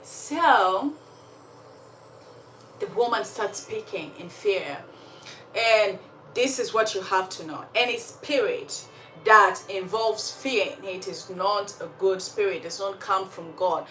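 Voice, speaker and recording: A woman telling a story in a casual, animated way, with emphatic asides and religious commentary. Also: mid-range voice, slow pace. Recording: echoey room, slightly far from mic, faint background noise.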